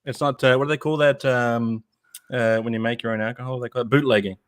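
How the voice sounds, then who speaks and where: A man's voice: mid-range voice, fast. An Australian man co-hosting a casual livestream chat, telling stories animatedly and laughing at himself. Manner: laughs often, self-deprecating, animated storytelling. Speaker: co-host.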